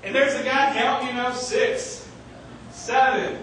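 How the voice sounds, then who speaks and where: High-voiced preacher in an echoey hall. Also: male voice, unhurried, slight background noise. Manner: animated storytelling, shouting quoted lines. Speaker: pastor. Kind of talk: sermon. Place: church sanctuary. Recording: echoey church hall, mic at a distance.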